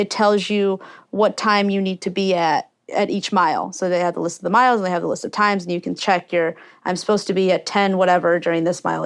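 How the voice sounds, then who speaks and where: A young woman guest in a podcast interview, chatty and laughing often as she acts out her own thoughts. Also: medium pitch. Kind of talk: casual storytelling interview.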